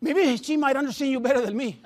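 High-voiced Spanish-accented man preaching. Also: fast talker, a little mellow. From Latin America. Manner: repeats words and restarts, laughs at himself, storytelling. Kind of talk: sermon. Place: church sanctuary.

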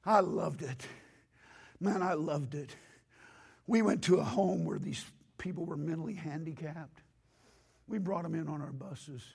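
Hoarse, gravelly-voiced preacher man. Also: fairly high pitch, a little slow, long pauses. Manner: impassioned preaching, rising to shouts. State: hoarse, losing his voice. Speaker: pastor. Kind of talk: sermon. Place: church.

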